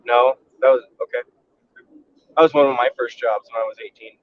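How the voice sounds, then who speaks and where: A man's voice: medium pitch, fairly even intonation, brisk. A man joking around and teasing his friend during a live stream chat. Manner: teasing, incredulous. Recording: dull lo-fi recording.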